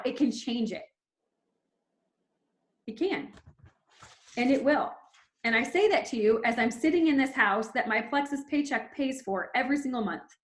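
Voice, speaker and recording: A woman's voice: high-pitched, fairly bright tone, reverberant. A woman in her thirties leading a team call, giving an emphatic, fervent motivational pep talk. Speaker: team leader.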